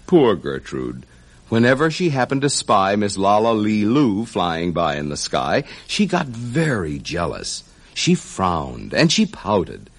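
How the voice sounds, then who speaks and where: A man narrating a rhyming children's story in an expressive, sing-song way. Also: on the low side, slow pace.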